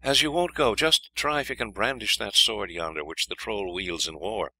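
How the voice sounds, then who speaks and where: A man voicing a frightened young princess in a storybook reading, with high pleading outcries. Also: normal speed, sharp tone, no echo, full character voice, rough recording. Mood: anxious warning.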